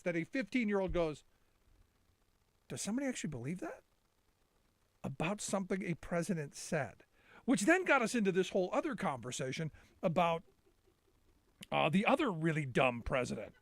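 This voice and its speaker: A man's voice: sits high, animated, a little fast, no room sound. A middle-aged man hosting a live call-in talk show, rambling and sarcastic with many restarts.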